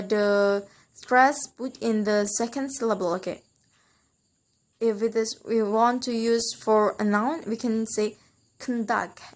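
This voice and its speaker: Halting young woman explaining stress. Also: mid-range voice. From Indonesia. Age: young adult. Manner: hesitant, many fillers and restarts, repeats example words slowly. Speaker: student presenter. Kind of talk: explaining English word stress rules.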